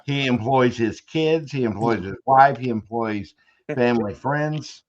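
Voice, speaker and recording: A man's voice: mid-range voice, measured pace. A man hosting a podcast, telling rambling stories in a joking, casual way. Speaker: podcast host. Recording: dull lo-fi audio.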